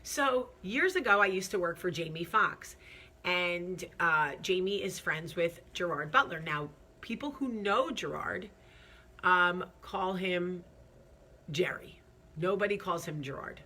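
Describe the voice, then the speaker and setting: Woman, bright forceful tone, lowish voice, chatty, candid storytelling, nervous. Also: lively intonation, a little slow. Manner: chatty, candid, swearing, lots of fillers. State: stressed, nervous. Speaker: vlog host. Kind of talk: casual storytelling to camera.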